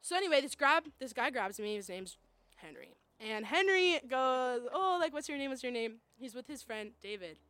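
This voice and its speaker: A young woman tells a story in a lively, animated way, jumping into the voices of the people she quotes. Her voice sits high, and the sound is dry and close, with no room around it. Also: normal speed, no room sound. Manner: animated, acts out quoted voices, laughs often. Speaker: guest storyteller. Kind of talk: casual storytelling chat.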